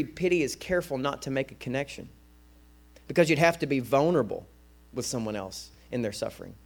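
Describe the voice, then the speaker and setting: A man preaching a sermon as a guest preacher, energetic and conversational, often repeating words as he restarts. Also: medium pitch, vocal fry.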